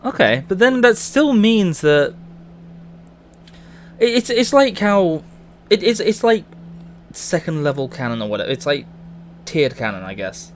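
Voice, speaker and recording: A man streaming a game in casual commentary, excitable, swearing and stammering as he wanders off on tangents. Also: on the high side, a little slow, pauses often, a little hiss or hum.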